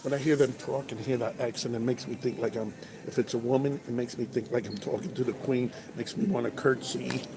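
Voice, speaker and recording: Chatty trucker in a noisy diner. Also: male voice, medium pitch, steady tone, a little fast. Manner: chatty, reads viewer comments aloud. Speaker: truck driver livestreaming. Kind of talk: casual livestream chat. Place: truck stop restaurant. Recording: noisy restaurant ambience.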